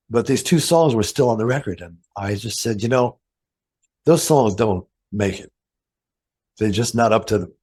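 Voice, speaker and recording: An older man, a guitarist, telling studio anecdotes in an interview, animated and acting out quoted voices in a higher pitch. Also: husky. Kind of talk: storytelling in an interview.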